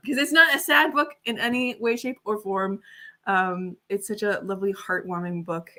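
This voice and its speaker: A woman's voice: on the low side, fairly bright tone. A young adult woman chatting casually on a livestream, giggly and talkative, with lots of fillers. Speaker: livestream host and author. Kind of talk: casual chat on a writing livestream.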